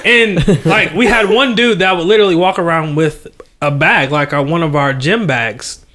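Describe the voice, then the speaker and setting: A young man, a podcast guest telling an animated, slangy story and laughing often. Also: a little high, normal speed. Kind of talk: casual chat.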